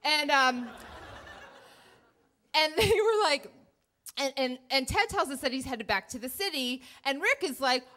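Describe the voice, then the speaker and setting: A woman in her thirties telling a true story on stage, animated, acting out her own panicked thoughts. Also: high-pitched, a little slow, pauses often. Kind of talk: live first-person storytelling on stage. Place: theater stage before an audience.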